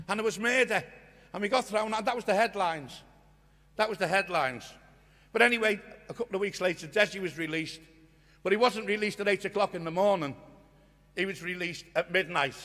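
An older man giving an impassioned storytelling speech at a union conference, earnest and swinging from hushed to loud. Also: sits high. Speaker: guest speaker at a union conference. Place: conference hall. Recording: long reverb of a conference hall.

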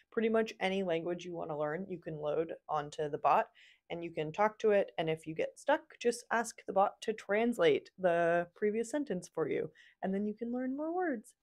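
A woman casually narrating a software demo at her computer, upbeat and chatty. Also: on the low side. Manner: upbeat and chatty, cheering "yay".

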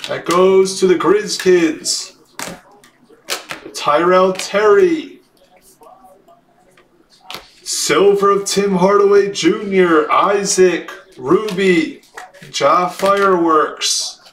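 A man hosting a live card break, calling out each card and shouting at big hits. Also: sits high, very slow, long pauses. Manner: excited, calls out card hits. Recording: echoey room with faint noise.

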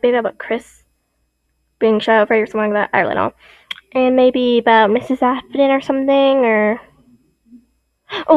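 A woman's voice: on the high side, no room sound, lo-fi sound. A young woman explaining game lore in a rambling, giggly way with many restarts. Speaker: video creator.

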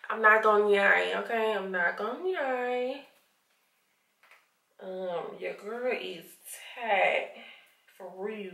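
Southern woman vlogger, sleepy and chatty, mid pitch, recorded in an echoey room away from the camera. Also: creaky, pushed and bright. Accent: Southern US (Arkansas). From Arkansas, USA. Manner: chatty, laughs often, calls viewers honey and y'all. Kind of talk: casual chat to camera. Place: at home, indoors. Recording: roomy, from a distant camera mic.

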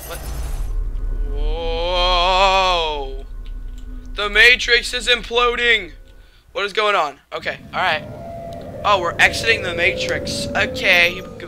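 A young man commenting on a video game, excitable and given to sudden yelps and shouted exclamations. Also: high-pitched, noisy background. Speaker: gamer doing commentary. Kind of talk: let's play commentary.

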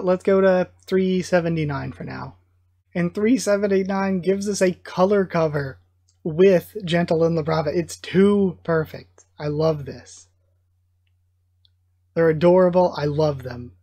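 A man's voice: on the high side, creaky, a little mellow. Enthusiastic man gushing over a manga. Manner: enthusiastic, gushing fan commentary. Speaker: reaction video host. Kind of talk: live manga reading reaction.

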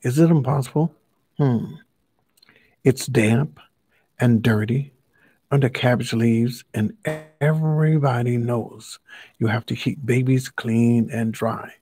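A man's voice: medium pitch, slow pace, dark tone, husky, dry recording. A man reading a children's story aloud as a Bible study teacher, playfully stopping to ask the listener questions.

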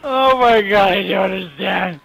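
A man's voice: sits high, moderate pace, gravelly, a crowd in the background, poor audio. A man in a multiplayer gameplay chat, flustered and laughing constantly at his own mistakes. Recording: voice chat over game noise.

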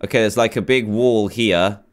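A man commenting nervously as he plays a horror game, pleading and reacting loudly to scares. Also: lowish voice, moderate pace, smooth. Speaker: gamer.

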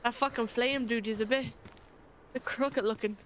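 A woman's voice: a little high, fairly even intonation, normal speed, fairly bright tone, a little hiss or hum. Chatty Irish woman streamer. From Ireland. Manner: chatty, swears freely, frequent restarts. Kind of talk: casual game chat.

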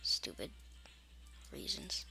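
A woman's voice: slow pace, pushed and bright, soft background music. A young woman casually commenting on a game as she plays it, chatty and grumbling, with mock-scared asides. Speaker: gaming channel host.

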